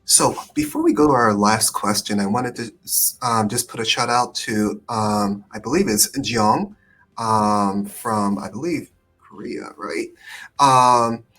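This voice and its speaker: Husky-voiced man hosting a live stream. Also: on the low side, very animated, a little slow, a bit bright. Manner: hesitant, many ums. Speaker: immigration attorney, host. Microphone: video call.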